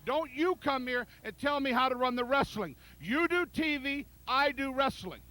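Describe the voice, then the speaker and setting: Blunt, stubborn wrestling promoter. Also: male voice, very high-pitched, animated, moderate pace, bright, forceful tone, low-quality recording. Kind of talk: on-air argument.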